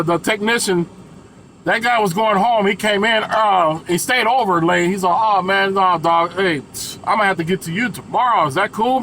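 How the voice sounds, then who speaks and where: Animated, bright-voiced truck driver telling a story. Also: male voice, high-pitched, slight background noise, low-quality recording. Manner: animated, quotes others in raised voices, swears freely. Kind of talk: casual storytelling vlog.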